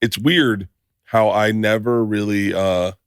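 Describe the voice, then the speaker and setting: A man's voice: fairly low pitch, steady tone, slow pace, clean tone, dry recording, studio quality. A middle-aged man hosting a podcast, telling profane, rambling stories and acting out quoted lines in casual chat. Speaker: podcast host.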